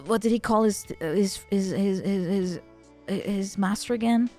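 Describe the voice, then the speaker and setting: A woman's voice: mid-range voice, normal speed, soft background music. A woman streamer chatting casually, rambling and joking and often breaking into laughter. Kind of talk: casual chat.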